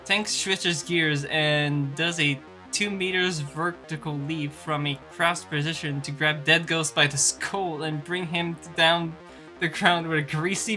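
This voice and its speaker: A streamer narrating a story game out loud, reading slowly and carefully with small slips. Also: medium pitch. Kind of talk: narrating a visual novel on stream.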